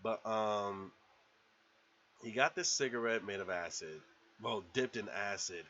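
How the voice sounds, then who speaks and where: A man's voice: on the low side, unhurried, fairly bright tone, slight background noise. A man in a casual movie review vlog, retelling scenes in a rambling, profane, laughing way, on a slightly dull lo-fi recording.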